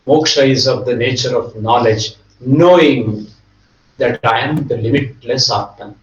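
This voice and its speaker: A man teaching a Vedanta class, explaining concepts and rapidly chanting Sanskrit verses. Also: mid-range voice, reverberant, recorded from a distance, highs cut off.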